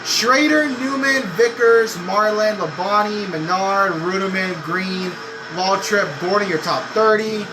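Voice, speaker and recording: A young man giving gameplay commentary on a racing game, excitable, swearing and yelling at the game. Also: sits high, takes it slowly, background noise.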